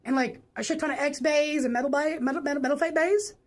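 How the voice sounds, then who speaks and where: A man speaking in a high, squeaky put-on voice as a streamer, brash and swearing while he chats during a workout. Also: fast. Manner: brash, swearing, teasing the chat. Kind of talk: live workout stream chat.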